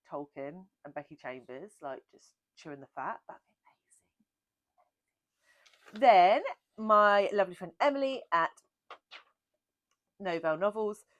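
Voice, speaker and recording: A woman's voice: low-pitched, no echo, muffled recording. A woman hosting a book channel, chatting casually and self-mockingly through a Q&A. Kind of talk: casual Q&A chat.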